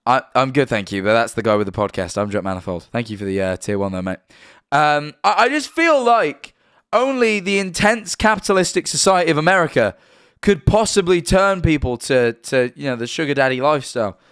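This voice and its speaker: A man's voice: fairly high pitch, expressive, a little fast, a bit bright, clear, resonant tone, no echo, studio quality. A young man with a British accent, chatting casually on a live stream and often correcting himself as he rambles. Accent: British English.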